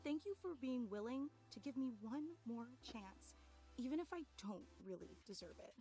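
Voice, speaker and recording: A woman's voice: on the high side, lively intonation, normal speed, dark tone, soft background music. An actress voicing an emotional, clingy female fan character in a video game, gushing and apologetic.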